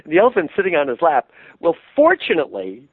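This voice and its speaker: An older man, a puppeteer, telling animated anecdotes in an interview and laughing easily. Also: fairly high pitch, fast, breathy edge, no room sound. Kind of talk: interview storytelling. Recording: tinny phone-line sound, dry.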